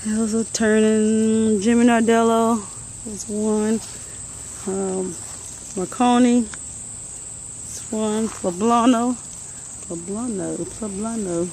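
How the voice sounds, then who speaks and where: A woman's voice: fairly high pitch, steady tone, takes it slowly, long pauses, warm tone, a little hiss or hum, low-quality recording. A woman, out of breath, casually walking through her vegetable garden and muttering plant names as she films. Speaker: gardening vlogger.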